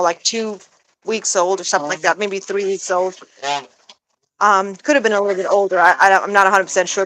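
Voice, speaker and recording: A woman chatting casually to camera as a pet-owner vlogger, rambling with lots of fillers and restarts, sometimes cooing in a high baby voice, recorded outdoors in a backyard. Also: a bit bright, slight background noise, rough recording.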